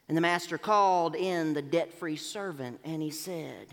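Pastor preaching, lively storyteller, mid pitch, long church reverb. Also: moderate pace. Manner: storytelling, acting out the voices. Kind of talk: sermon.

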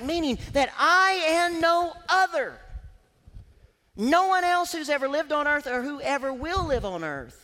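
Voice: sits high, lively intonation, unhurried, sharp tone. A preacher giving an emphatic sermon who acts out scripture quotes. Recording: long hall reverb.

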